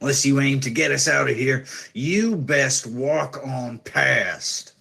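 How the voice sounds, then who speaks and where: A man voicing a big, grizzled, rough male prisoner who talks in a gruff, threatening way in a tabletop game. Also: medium pitch, takes it slowly, bright, forceful tone, pitched above the performer's own voice, exaggerated voice.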